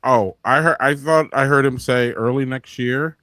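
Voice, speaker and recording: A man's voice: mid-range voice, fairly bright tone, no room sound. Chatty male co-host, dry close sound. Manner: chatty, halting with fillers. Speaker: podcast co-host. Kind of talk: casual chat.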